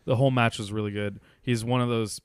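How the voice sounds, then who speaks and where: A man's voice: mid-range voice, fairly even intonation, quick pace, clear, resonant tone, no room sound. A man co-hosting a podcast, laid-back and agreeable, backing up his partner with short replies. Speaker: podcast co-host. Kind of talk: casual sports chat.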